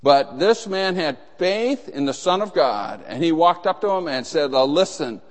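A man's voice: fairly high pitch, expressive, unhurried. Emphatic preaching man in a reverberant hall. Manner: emphatic, acts out dialogue in his preaching. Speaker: pastor. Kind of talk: sermon.

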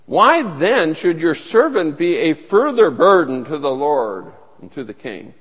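A weary, reluctant eighty-year-old man, put on by a man mid-sermon pleads that the task is too much for him. His voice sits a little high and swings widely. A long hall reverb trails behind him. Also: sing-song, a little slow, fairly bright tone, breathy edge, heavily acted. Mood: pleading. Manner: pleading, backing away.

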